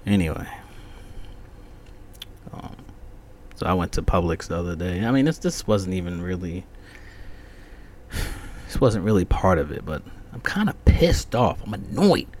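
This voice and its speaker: A man on his solo podcast, ranting casually and cursing freely. His pitch leaps up and down as he gets worked up, and he tells the story with heated, animated irritation. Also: a little slow, pauses often, slight background noise. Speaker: podcast host.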